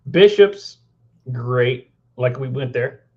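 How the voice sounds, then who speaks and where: A man's voice: medium pitch, lively intonation, slow pace, darkish tone. A man co-hosting a casual chat, rambling and circling back to repeat his words. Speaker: podcast co-host. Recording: dull lo-fi recording.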